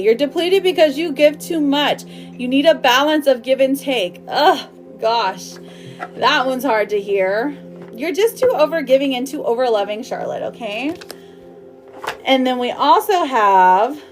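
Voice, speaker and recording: A woman giving a live-streamed tarot reading in a chatty, affectionate way, calling her viewers darling and my love. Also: a little high. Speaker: tarot reader.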